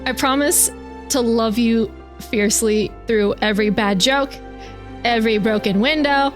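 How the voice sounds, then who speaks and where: A woman's voice: fairly high pitch, unhurried, soft background music. A woman playing a tabletop role-playing game, delivering theatrical in-character vows with playful laughter. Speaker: player.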